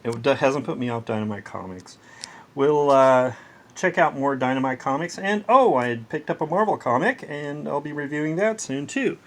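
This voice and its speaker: A man's voice: a little high, animated, normal speed. A man giving a casual spoken review of a comic book, exasperated and ranting, with wry laughs and frequent restarts.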